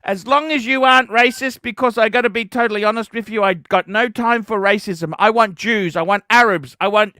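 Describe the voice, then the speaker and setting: A man hosting a livestream, ranting profanely and breaking into shouts. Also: sits high, fairly quick, hardly any pauses, no echo, clean studio sound. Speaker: livestream host.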